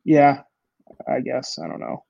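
A young man chats on a podcast, hedging and filling pauses as he talks. The recording is dull and lo-fi, with a dry sound and no room around it. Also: medium pitch, animated, creaky, breathy edge, no room sound. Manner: chatty, hesitant with fillers. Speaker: podcast co-host. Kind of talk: casual chat.

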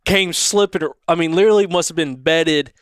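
A man's voice: a little high, moderate pace, clean tone, no room sound, clean studio sound. A man, co-hosting a podcast and telling a hunting story in a rambling, casual way, acting out the dialogue. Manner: rambling, restarts, acts out quoted dialogue. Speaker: podcast co-host.

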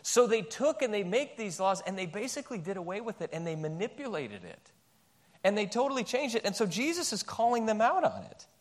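Lively, high-voiced male pastor preaching. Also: brisk. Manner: animated, emphatic preaching with rhetorical questions. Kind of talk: sermon. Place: church.

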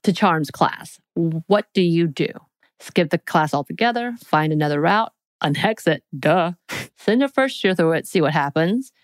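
A woman's voice: fairly low pitch, lively intonation, normal speed, no room sound. A woman co-hosting a podcast, reading out quiz questions in a playful, teasing way. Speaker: podcast co-host. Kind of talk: casual chat.

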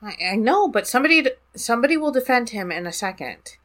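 A woman's voice: on the high side, sing-song, fast. A woman hosting a casual podcast over a video call, teasingly reading out listener messages. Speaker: podcast host. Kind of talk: casual chat.

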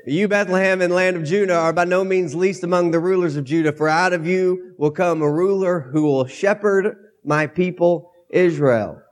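A pastor with a cold preaching a sermon into a microphone, reading scripture aloud and then talking it through in a conversational way. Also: male voice, sits high, steady tone, normal speed, few pauses. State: has a cold, coughing.

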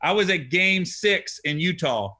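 A man in his forties, a comedian hosting a casual chat, telling animated stories with lots of laughter. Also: high-pitched, unhurried. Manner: animated, laughing, acts out quotes. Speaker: podcast host, comedian.

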